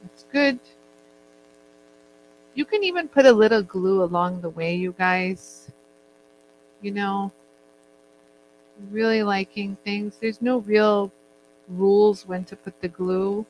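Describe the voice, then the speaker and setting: A woman's voice: mid-range voice, takes it slowly, pauses often, low-quality recording. A woman teaching jewelry making in a casual, chatty way, joking with her crew as she works. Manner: chatty, jokey, laughs often. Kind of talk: casual demo chat. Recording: faint mains hum.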